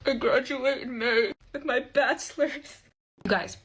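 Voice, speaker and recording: A woman in her early twenties telling personal stories in a chatty, expressive way, with quick asides to her viewers. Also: a little high, a little hiss or hum, low-quality recording. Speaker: storyteller. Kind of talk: casual storytime narration.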